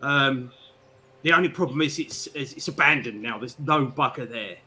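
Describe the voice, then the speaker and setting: A man's voice: mid-range voice, moderate pace, sharp tone. A man voicing a jovial, rum-swigging male ex-smuggler who talks in a hearty, reminiscing way. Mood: nostalgic.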